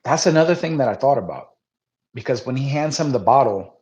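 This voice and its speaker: A man co-hosting a casual podcast who thinks aloud hesitantly and often trails off softly. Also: medium pitch, lively intonation, brisk, dull audio. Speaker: podcast co-host.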